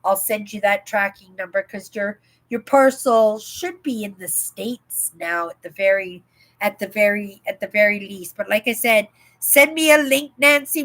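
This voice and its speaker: Older woman host, rambling home livestream chat, slightly high voice, tagging "right?" onto her lines. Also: a bit bright, poor audio. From Canada. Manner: chatty, rambling, often asks "right?".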